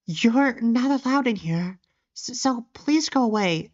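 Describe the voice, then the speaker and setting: Man voicing a nervous young mare, shy halting speech, stammer, lively pitch, dull lo-fi audio, game voice-over. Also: dry recording.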